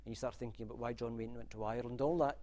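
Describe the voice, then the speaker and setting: A man's voice: mid-range voice, steady tone, rapid-fire, mellow. A man giving a university literature lecture in a wry, discursive manner, with asides and restarts. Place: lecture room.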